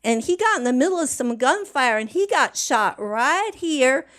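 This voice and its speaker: A woman's voice: high voice, lively intonation, normal speed, fairly bright tone, voice pushed up. A woman voicing a poor, devout middle-aged woman who scolds emphatically and uses nonstandard grammar. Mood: insistent.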